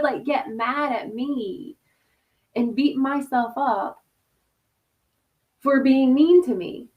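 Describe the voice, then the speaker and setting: A woman hosting a casual live stream from home over a video call, chatty and laughing, full of "like" and "y'all". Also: a little high. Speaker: host.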